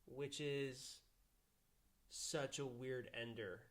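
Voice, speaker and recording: A young man co-hosting a podcast in casual chat, retelling movie scenes in an animated way and acting out the characters. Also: mid-range voice, drawn-out words, very noisy. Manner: animated, acts out scenes with voices. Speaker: podcast co-host.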